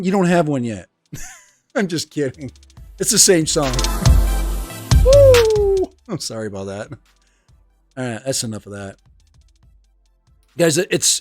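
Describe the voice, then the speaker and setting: A man's voice: on the high side, dry recording. A man hosting a casual livestream from home, rambling and laughing as he reads the chat into a desk microphone. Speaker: livestream host and teacher. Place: home room. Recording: dry close sound with music behind.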